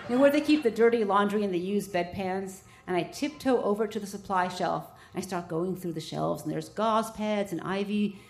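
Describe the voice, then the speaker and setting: A woman doctor telling a vivid, self-mocking first-person story to a live audience. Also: medium pitch.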